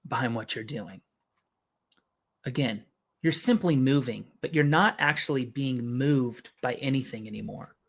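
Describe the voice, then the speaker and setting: A man giving an earnest motivational talk as a business coach, often asking rhetorical questions. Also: a little high.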